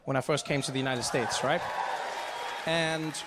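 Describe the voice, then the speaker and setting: A man from South Africa doing stand-up, telling a story with animated voices for the people in it, recorded live in a large theatre. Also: mid-range voice, moderate pace, big-room sound, over a noisy crowd, heavy background noise. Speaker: stand-up comedian. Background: audience laughter.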